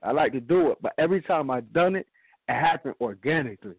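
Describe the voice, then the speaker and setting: Male co-host, mid pitch, relaxed conversational delivery, dry phone-quality audio. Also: fast, slightly rough, no room sound. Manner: laid-back, keeps asking "you feel me?". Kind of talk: casual radio chat. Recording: dry, tinny phone-like sound.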